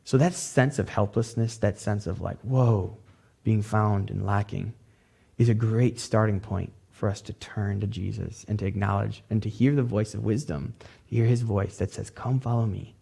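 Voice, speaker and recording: A man's voice: fairly low pitch, fairly even intonation, normal speed, vocal fry, dark tone, breathy edge. A man pastor preaching a sermon in a loose, conversational way, dropping casual fillers.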